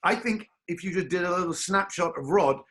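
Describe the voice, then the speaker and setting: A man's voice: high voice, fairly quick, a bit bright. A man hosting a casual interview over a video call, playfully prompting his guest for stories and impressions. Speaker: host.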